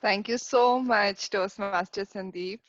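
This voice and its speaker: A woman's voice: medium pitch, slow pace. A woman hosting a club meeting, formal and gracious, thanking the speaker and leading the next segment. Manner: formal, gracious, quoting sayings. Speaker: meeting host. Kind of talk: meeting facilitation. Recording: dry, dull lo-fi mic.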